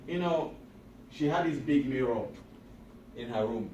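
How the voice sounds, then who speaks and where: A man gives an emphatic, repetitive motivational talk to high school students, often asking the crowd questions. He speaks unhurriedly with a warm tone, and the lo-fi recording was made from a distance in a reverberant hall with a light hum of room noise beneath him.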